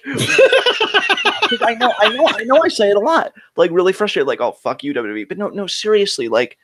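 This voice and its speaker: Animated ranting man. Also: on the high side. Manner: frustrated ranting, heavy swearing, animated. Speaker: wrestling podcast co-host. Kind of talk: heated casual chat.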